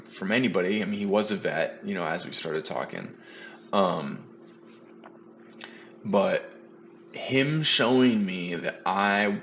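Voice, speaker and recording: Man, very low voice, halting personal storytelling with restarts, light background hum. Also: fairly bright tone. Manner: halting, full of fillers and restarts. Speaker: podcast host sharing his story.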